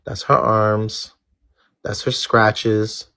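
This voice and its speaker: A man's voice: fairly low pitch, little pitch movement, drawn-out words, sharp tone. A man hosting a live stream, talking straight to his viewers in blunt, outspoken commentary, swearing freely and repeating his points for emphasis. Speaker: live-stream show host.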